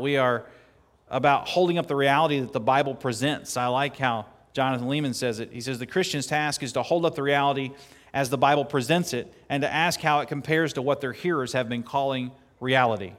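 Male preacher, sermon, earnest, emphatic peaks, mid pitch, long hall reverb. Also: fairly bright tone.

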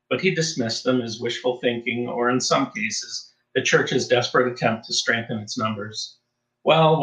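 Man narrating, roomy echo. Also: mid-range voice. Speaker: audiobook narrator. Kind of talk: scripted narration.

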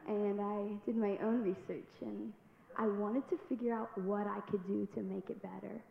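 A young woman giving a personal testimony in church, telling her story earnestly and building to loud exhortation. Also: mid-range voice, fairly even intonation, normal speed, gravelly. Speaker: youth speaker giving testimony. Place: large church sanctuary. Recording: echoey hall, dull sound, faint noise.

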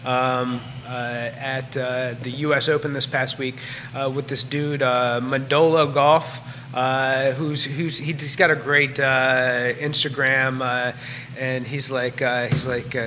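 A man in his forties, a talk show guest, speaking haltingly with many fillers. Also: mid-range voice, level tone, sharp tone, slight background noise. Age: 40s. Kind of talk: casual talk show chat. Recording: room with long reverb.

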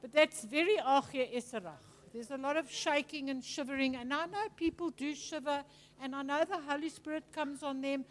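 A woman preaching to a congregation, chatty and animated, telling stories and mimicking people. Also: high-pitched, moderate pace. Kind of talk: teaching sermon.

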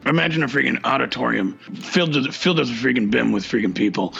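A man's voice: medium pitch, expressive, fast, a bit bright. A man playing a bumbling, rambling radio co-host who stutters through restarts and says "freaking" in nearly every phrase. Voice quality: gravelly and raspy. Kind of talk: comedy radio-show sketch. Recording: dull lo-fi recording.

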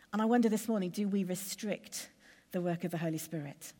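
A woman preacher giving a sermon in a measured, conversational way, building lists with steady pauses. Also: lowish voice, husky, big-room sound.

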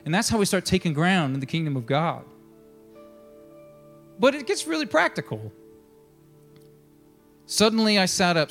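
A man pastor preaching a sermon, telling a story with lively asides and reading passages aloud. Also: high voice. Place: church.

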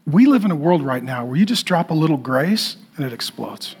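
A male pastor delivering a sermon in an emphatic, repetitive preaching style that swings from loud to hushed. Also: on the high side, animated, a little fast, slightly rough.

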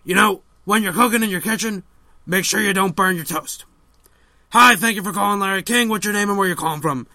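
A man doing a creaky old talk-show host. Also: high-pitched, sharp tone, no echo, full character voice. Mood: droning. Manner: slow, drawling, gives odd random advice. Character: older male talk-show host, rambling. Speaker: radio call-in host. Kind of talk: comedic impression sketch.

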